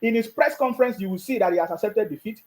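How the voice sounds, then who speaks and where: A Nigerian-accented political commentator rants in a video, mocking and scolding with frequent restarts. His voice is high-pitched and a little mellow, he talks quickly, and the recording quality is low.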